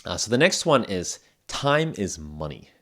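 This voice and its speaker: A young man hosting an English lesson podcast, explaining phrases in a relaxed, chatty way with acted examples. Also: lowish voice, a little slow. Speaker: English podcast host and teacher. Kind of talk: casual spoken English lesson.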